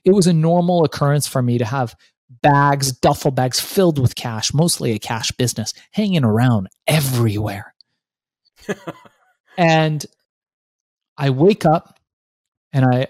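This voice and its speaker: A man in his fifties, an author and guest, telling his story in an animated, profane way. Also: mid-range voice, moderate pace, no echo. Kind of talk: storytelling interview.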